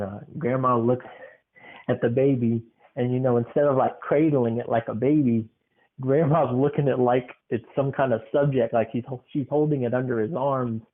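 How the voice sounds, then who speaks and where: Rambling male storyteller on a tinny line. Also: mid-range voice. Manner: meandering, full of fillers and restarts. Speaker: podcast host. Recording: tinny phone-like sound.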